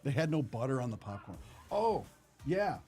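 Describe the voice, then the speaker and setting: A man's voice: medium pitch, big pitch swings, normal speed, warm tone, faint music behind. A young man hosting a card-opening stream, chatting casually and rambling with lots of fillers. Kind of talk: casual chat while opening cards.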